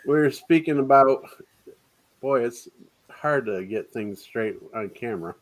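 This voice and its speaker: A middle-aged man hosts a relaxed livestream chat in an everyday mid-range voice. He is laid-back and quick with a self-deprecating joke. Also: mid-range voice, noisy background. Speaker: host.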